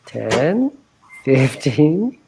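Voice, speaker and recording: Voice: medium pitch, drawn-out words, vocal fry, background noise. A player in a live tabletop game, counting squares and asking the game master questions. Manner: lively, counting out moves. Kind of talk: casual game talk.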